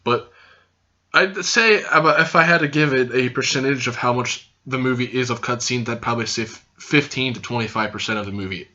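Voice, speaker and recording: A young man talks straight to his camera in a casual vlog review, with a bright, forceful edge to his voice. He is hyper and loud, rambles from point to point and swears freely. The sound is a little dull and lo-fi. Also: mid-range voice, brisk. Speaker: host and reviewer. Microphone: camera recording.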